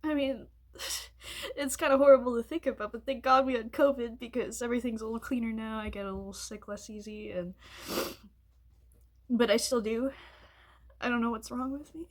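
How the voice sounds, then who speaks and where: High-voiced young woman venting. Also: steady tone, moderate pace. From United States. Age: early 20s. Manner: rambling, frustrated, swears a lot. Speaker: vlogger. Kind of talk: casual venting monologue.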